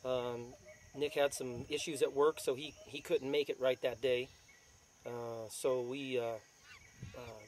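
A man's voice: medium pitch, darkish tone, a little hiss or hum. A man casually telling the story of his rattlesnake bite in an interview, rambling with many fillers. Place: outdoors in the desert.

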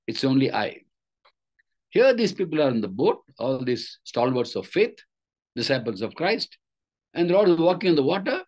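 A man preaching a sermon, retelling a scripture story with repeated phrases and rhetorical questions. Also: mid-range voice. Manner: animated storytelling preaching, voice rising and falling.

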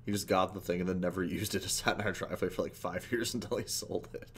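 A man with a fairly low voice riffs through casual reaction commentary, laid-back and profane, with laughter never far off. A faint hum sits under his voice. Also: steady tone, fast talker. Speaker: reaction video host.

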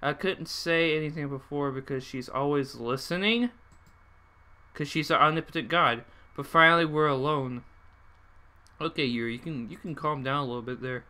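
A man's voice: a little high, moderate pace, bright, forceful tone. A young man doing let's play commentary and reading game dialogue aloud, jumpy and dramatic, swearing and breaking into sudden outbursts. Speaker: gameplay commentator.

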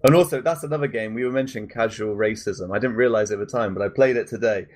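A man's voice: fairly low pitch, fast talker, a little mellow. A man co-hosting a podcast in casual chat, telling stories with constant fillers. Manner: anecdotal, heavy use of fillers like "like". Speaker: podcast co-host.

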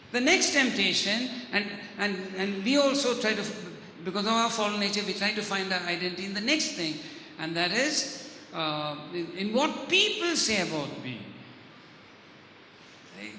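A man's voice: high-pitched, expressive, normal speed, sharp tone, a little hiss or hum. A man preaching a sermon, teaching earnestly and often repeating and restarting words. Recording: echoey hall reverb.

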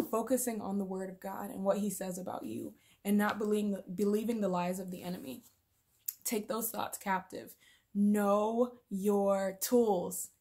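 Earnest, tearful woman sharing faith. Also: mid-range voice. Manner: earnest, emotional, with fillers and soft laughs. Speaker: Christian vlogger. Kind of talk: informal devotional talk and prayer.

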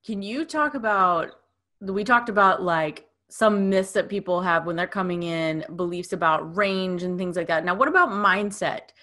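A woman's voice: lowish voice, normal speed, bright, forceful tone. A woman hosting a podcast, asking long, rambling interview questions full of fillers. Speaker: podcast host.

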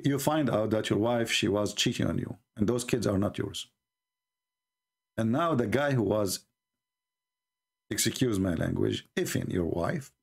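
Low, creaky and slightly rough, this host's voice carries his combative mockery on a live-streamed religious debate show. He laughs at his own jokes, and his English grammar is non-native.

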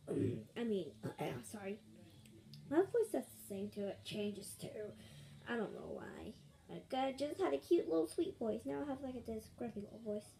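A woman voicing a little baby seal toy in a lower, grumbly, mumbling voice. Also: very animated, normal speed, vocal fry, mellow. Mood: grumpy. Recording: noisy home recording with clicks.

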